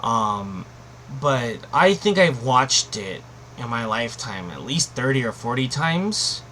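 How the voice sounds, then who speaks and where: A man talks through a casual review at a middling pitch, rambling and restarting, then landing hard on emphatic claims. A faint hum of room ambience sits under his voice. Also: big pitch swings, slow, pushed and bright. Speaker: anime reviewer.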